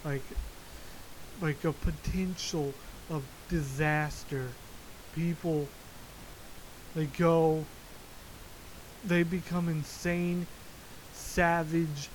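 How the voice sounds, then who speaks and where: A podcaster delivers an unhurried, swear-filled rant about everyday chaos, chuckling every few lines. The voice sits at a middling pitch and keeps a loose, storytelling rhythm. A faint hiss runs under the recording. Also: rough recording. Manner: profane, frequently laughing, animated storytelling. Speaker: podcast host. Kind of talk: casual solo rant. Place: Florida.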